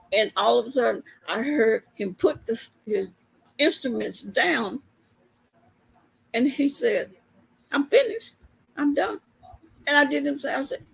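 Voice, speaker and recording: Slow, gravelly woman telling a story. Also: a little high, low-quality recording. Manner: chatty, laughs often while telling a story. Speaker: police officer. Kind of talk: casual storytelling to camera.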